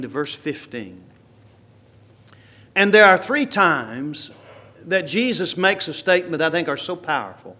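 A man preaching a sermon, swinging from quiet, slow asides to loud, emphatic lines. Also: fairly high pitch.

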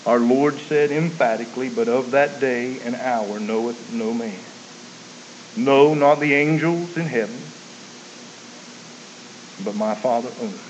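A man preaching a sermon, emphatic, moving between loud declaiming and quiet earnest appeals. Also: medium pitch. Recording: muffled, hissy recording.

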